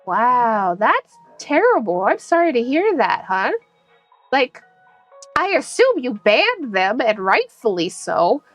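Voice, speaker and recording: Young woman streamer, bubbly high giggly voice, dry close mic, bit of music underneath. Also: sing-song, takes it slowly, no echo. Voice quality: put-on higher bright stream voice. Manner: bubbly, giggly, chatty with viewers. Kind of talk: casual live-stream chat.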